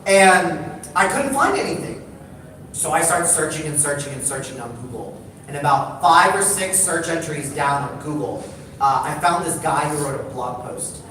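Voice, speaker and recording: A man telling a comic story on stage, animated, his voice jumping up in excited bursts. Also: moderate pace. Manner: animated, building to excited high-pitched bursts. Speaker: speaker at a live talk. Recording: echoey hall, distant mic, noisy.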